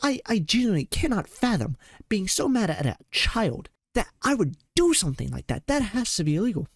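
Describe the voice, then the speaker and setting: A man's voice: high-pitched, very animated, fairly quick, breathy edge, no echo, studio quality. A young man in reaction commentary, ranting with exasperated, profane and slangy outbursts. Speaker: commentary host.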